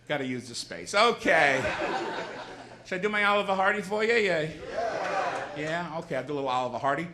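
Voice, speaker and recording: A man's voice: on the high side, expressive, fairly quick, long pauses, a crowd in the background. A male stand-up comedian on a theater stage, chatting playfully with the audience between bits. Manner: chatty, playful set-up patter. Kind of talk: stand-up set. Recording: noisy live audience laughter.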